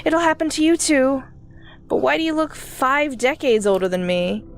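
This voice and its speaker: A woman's voice: high voice, expressive, normal speed. A woman voicing a pompous elderly man with a British accent who claims to be God. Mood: haughty. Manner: smug, self-important, condescending.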